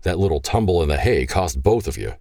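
A man's voice: low voice, expressive, brisk, creaky, a little mellow, no room sound, clean studio sound, full character voice. A man doing a furious, growling father. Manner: stern, growling, commanding. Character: furious protective father, gruff and commanding.

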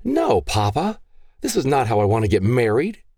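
A man's voice: medium pitch, huge pitch swings, normal speed, darkish tone, slightly rough, no room sound, studio quality, voice pushed up, heavily acted. A man voicing a frightened young woman who pleads with her family in an audiobook. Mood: pleading.

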